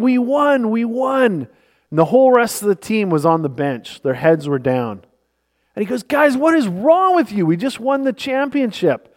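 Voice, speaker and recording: A male pastor preaching a sermon in a church, earnest and emphatic, telling stories to make his point. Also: fairly high pitch. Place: church sanctuary. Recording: long reverb of a church hall.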